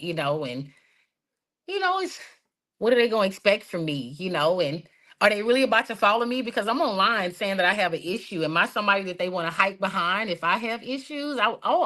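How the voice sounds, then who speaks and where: A woman in her thirties, a Marine veteran, telling her personal story in a lively, expressive way with frequent laughs. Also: medium pitch, low-quality recording. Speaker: podcast guest, Marine veteran. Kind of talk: casual storytelling.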